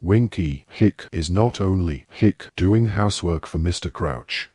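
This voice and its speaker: A man's voice: low voice, a little mellow, husky, dry recording. A man voicing a drunk, tearful female house elf who hiccups and halts between words. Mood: drunk sulky. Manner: hiccuping, halting, slurred.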